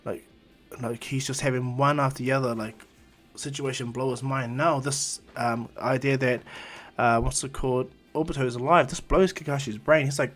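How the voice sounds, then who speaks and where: A man casually retelling a fan-made story in a rambling, animated way, full of fillers. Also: medium pitch, normal speed, soft background music. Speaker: storyteller, channel host.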